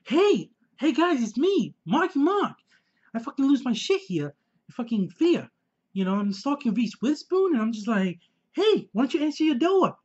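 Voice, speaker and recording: A man's voice: very high-pitched, big pitch swings, normal speed, darkish tone, voice pushed up, exaggerated voice. A man doing an impression of an actor playing a menacing, unhinged male stalker, on a dull lo-fi recording. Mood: taunting.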